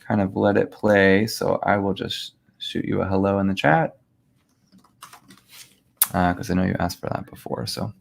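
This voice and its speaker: Male moderator with a gravelly voice, brisk announcer delivery. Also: lowish voice. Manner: brisk announcements, reads viewer questions. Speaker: producer and chat moderator. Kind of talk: live-stream moderation.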